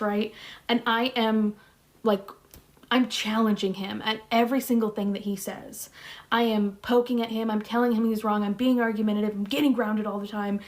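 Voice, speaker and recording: A woman's voice: on the high side, a little mellow. A woman in her thirties telling a personal story to camera in a chatty, blunt, slangy way. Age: 30s. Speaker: vlogger.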